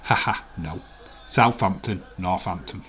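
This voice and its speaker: A man's voice: low-pitched, a little slow, a bit bright, soft background music. A man from West Yorkshire with a Yorkshire accent, hosting a casual live watch-along and chatting playfully and argumentatively with his viewers. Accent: Yorkshire English. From West Yorkshire, England. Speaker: live stream host.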